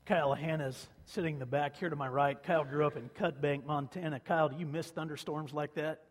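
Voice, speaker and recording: A man's voice: fairly high pitch, fairly even intonation, brisk, in a large hall. A man from Kansas, a pastor, preaching a sermon in a conversational storytelling way, repeating phrases for emphasis.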